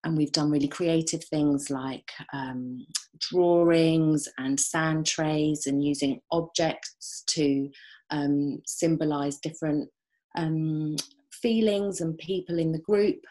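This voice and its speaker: Reflective British woman, lowish voice. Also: steady tone, slow pace. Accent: British English. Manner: thoughtful, warm, with fillers and restarts. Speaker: psychotherapist and group leader. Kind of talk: reflective interview answers.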